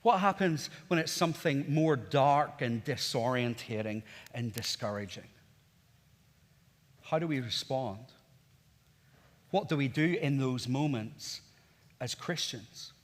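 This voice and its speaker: Northern Irish preacher in a ringing hall. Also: male voice, mid-range voice, lively intonation, slow, long pauses. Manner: conversational storytelling with rhetorical questions. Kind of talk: sermon. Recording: reverberant church hall.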